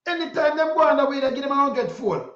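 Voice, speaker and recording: A Jamaican man with a strikingly high voice delivers fired-up political commentary in patois, hammering his points again and again. The sound is roomy and dull, like a lo-fi home recording. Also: animated, fast. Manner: preachy and repetitive, speaking in patois, sometimes shouting. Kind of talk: impassioned spoken commentary.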